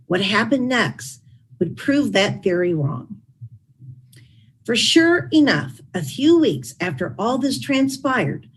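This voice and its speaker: Brief: middle-aged woman, breathy and husky, mid pitch, author reading her memoir aloud with wry asides. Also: low-quality recording. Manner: wry storytelling with dry asides. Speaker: author and former chief of staff. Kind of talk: reading aloud from her book at a public talk.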